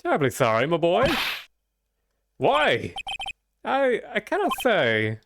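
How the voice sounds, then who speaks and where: A man voicing a pompous elderly lawyer, fussy and evasive, in a theatrical drawn-out voice while reading game dialogue aloud. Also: fairly high pitch, huge pitch swings, noisy background, exaggerated voice.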